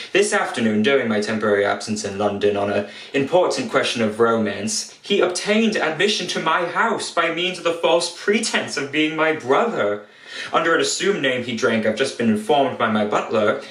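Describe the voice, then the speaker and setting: An actor playing a pompous, indignant Victorian English gentleman in a stiff, formal stage monologue. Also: mid-range voice, far from the mic, natural voice. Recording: roomy, from the mic.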